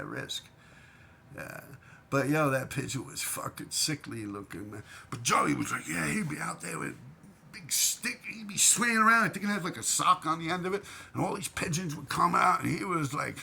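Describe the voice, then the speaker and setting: A middle-aged New York man tells old neighborhood stories in a loose, streetwise way, with "man" and "yo" in nearly every line. His voice is gravelly and sits a little high for a man. He swears freely and laughs along with his own tales. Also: pushed and bright. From New York City. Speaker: channel host and former graffiti writer. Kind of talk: casual storytelling.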